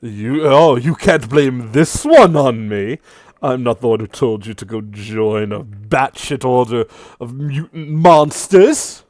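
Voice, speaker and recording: A man voicing a mocking male demon lord of lies who taunts in a gleeful, drawn-out sneer, loud and high. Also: no room sound, lightly acted. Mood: taunting.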